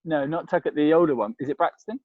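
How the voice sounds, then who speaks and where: A man's voice: fairly high pitch, quick pace, no room sound, narrow, tinny audio. A man with a London accent, a podcast guest chatting casually, rambling with many restarts and fillers. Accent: London English. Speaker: podcast guest, crisp reviewer. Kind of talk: casual chat.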